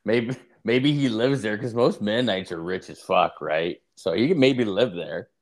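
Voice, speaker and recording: A man's voice: lowish voice, moderate pace. A man co-hosting a podcast, telling a long story in casual chat, full of swearing and filler words. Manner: rambling profane storytelling, heavy filler. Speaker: podcast co-host.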